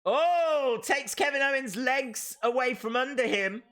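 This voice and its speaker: Man, live stream host, watch-along reaction commentary, excitable, calling moves, high voice, bright tone. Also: unhurried.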